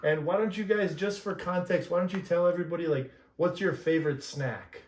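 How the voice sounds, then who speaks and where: A man hosts a casual family vlog, teasing and joking around with his relatives. His voice is fairly high and he talks fairly quickly, sitting far from the mic. The room echoes and there's faint background noise.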